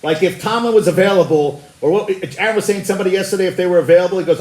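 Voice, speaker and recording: A man hosting a casual sports talk show, animated, laughing often and stammering through restarts. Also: high-pitched, racing, roomy sound, poor audio. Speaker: podcast host.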